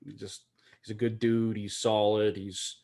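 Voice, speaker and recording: A man, co-hosting a casual sports chat in an excitable, jokey, rambling way. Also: on the low side, measured pace. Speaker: podcast co-host.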